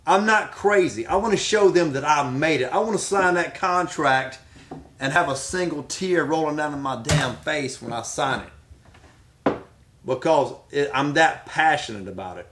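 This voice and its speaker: A man's voice: fairly high pitch, moderate pace, a bit bright, slight background noise. A man who is an aspiring pro wrestler answers interview questions in an emphatic, fired-up, determined way.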